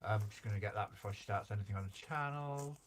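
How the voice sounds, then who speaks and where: A man's voice: fairly low pitch, quick pace, slight background noise. Chatty man telling stories. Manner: chatty, anecdotal, laughing. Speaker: co-host reading the chat. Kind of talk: casual live-stream chat.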